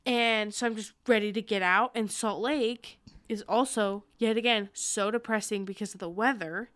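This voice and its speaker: A young woman co-hosting a podcast, chatting casually and excitedly over a video call, rambling and laughing often. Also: mid-range voice, normal speed, dry recording. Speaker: podcast co-host.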